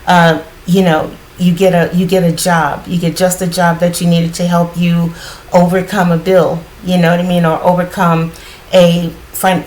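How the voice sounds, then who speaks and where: A woman with a lowish voice giving a relaxed spiritual card reading, still groggy with her morning voice and clearing her throat now and then. She rambles in a reassuring way, full of "you know" and "um". A faint hum of background noise sits under her. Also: low-quality recording. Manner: reassuring, rambling with many fillers. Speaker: tarot card reader.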